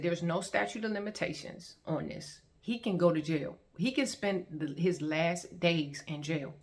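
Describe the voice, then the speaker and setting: Woman, lower register, emotional testimony told with repeated phrases and acted-out quotes. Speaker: testimony vlogger.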